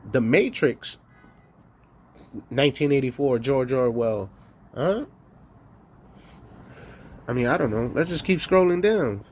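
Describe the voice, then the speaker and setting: A man's voice: on the high side, a little hiss or hum. A man hosting a livestream in a profane, rambling rant, stopping to search for words and taunting the audience with rhetorical questions. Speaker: livestream host. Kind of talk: ranting livestream monologue.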